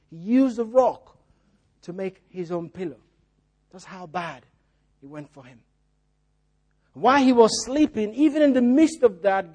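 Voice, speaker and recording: A man's voice: very high-pitched, a little mellow. A male preacher giving a sermon in a church, repeating key phrases and putting rhetorical questions to the congregation.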